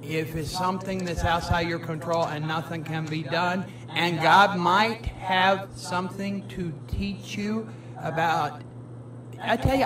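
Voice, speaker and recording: Rambling, teary-laughing man mentor, a touch high-voiced, recorded far off with crowd chatter. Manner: rambling, stammering, laughing often. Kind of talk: emotional personal conversation. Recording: distant mic with crowd noise.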